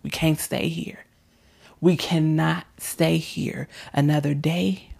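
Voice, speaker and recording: A woman's voice: sits low, fairly even intonation, slow pace, vocal fry, a little mellow, slightly rough. A woman preaching a motivational sermon and leading a prayer, fervent and exhorting, sometimes dropping to an intimate whisper. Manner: calls listeners "baby", leads them in prayer.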